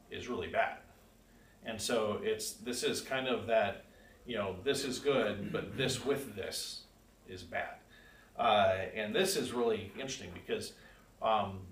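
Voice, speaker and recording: Lower-voiced man teaching a Bible class. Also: fairly bright tone. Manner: conversational, reads verses aloud with emphasis, asks the class questions. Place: church classroom. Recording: echoey room, far from the mic, faint hiss.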